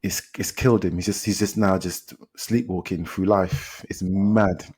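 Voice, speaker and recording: This is a man with a London accent, talking casually on a film podcast. His voice sits low and has a husky edge. He tells the story in a lively way, repeats himself and quotes people as he goes. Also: measured pace. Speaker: podcast co-host reviewing films. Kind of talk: casual chat.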